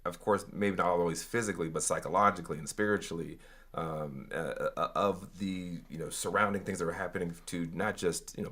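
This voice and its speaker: A man with a notably deep voice talks as a guest in a podcast conversation. He speaks thoughtfully and measuredly, stopping often with fillers as he works through ideas. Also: fairly bright tone. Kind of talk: conversational interview.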